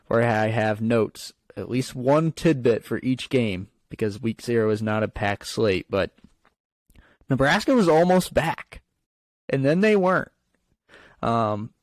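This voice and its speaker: This casual sports chat features a man co-hosting a podcast, talking football with plenty of fillers and restarts in a rambling manner. His voice is mid-range, and there's no echo.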